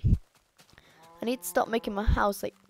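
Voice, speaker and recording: Woman, rambling let's play chat, sweary, gravelly, mid pitch. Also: steady tone, unhurried. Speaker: gamer. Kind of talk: casual let's play commentary.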